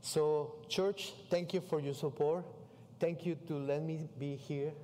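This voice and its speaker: A man, a missionary preaching a sermon with animated stories in English. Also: on the high side, measured pace, slight background noise. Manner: animated storytelling with non-native English. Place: church sanctuary. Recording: far-off voice in a reverberant hall.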